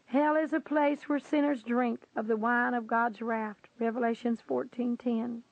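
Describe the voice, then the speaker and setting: A woman solemnly reading a first-person testimony aloud, slow and earnest, pleading at times. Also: a little high, fairly even intonation, dry recording. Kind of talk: solemn scripted narration. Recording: tinny phone-like sound.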